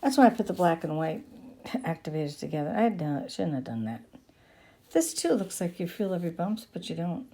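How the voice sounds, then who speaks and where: Lady showing off her crafts, warm mellow voice, keeps saying how gorgeous stuff is. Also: lowish voice, sing-song, a little fast. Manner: effusive, gushing over her work with soft exclamations. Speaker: craft tutorial host. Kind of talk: casual craft tutorial chat.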